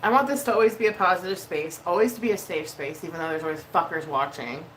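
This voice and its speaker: A woman's voice: fairly low pitch, quick pace, fairly bright tone, a little hiss or hum, poor audio. A woman hosting a casual livestream while doing her makeup, emotional and venting, swearing freely and laughing often. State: emotional, near tears. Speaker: livestream host.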